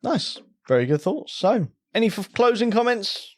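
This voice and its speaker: A man's voice: high voice, normal speed, no room sound, studio quality. A man hosting a board game podcast, chatting casually, joking and laughing often. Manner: jokey, laughs often, lively ups and downs. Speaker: podcast host. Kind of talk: casual chat.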